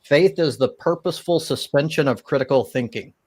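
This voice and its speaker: In a casual live-stream debate, a man with a fairly high, somewhat mellow voice speaks fairly quickly. He defends his view hesitantly, with many restarts and fillers, and now and then gives a dry laugh at the idea of souls.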